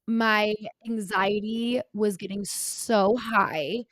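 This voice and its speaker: A woman in her twenties, a podcast co-host, talking candidly about her past in a halting, earnest way with many filler words. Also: mid-range voice, steady tone, fairly bright tone, no echo. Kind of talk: candid personal conversation.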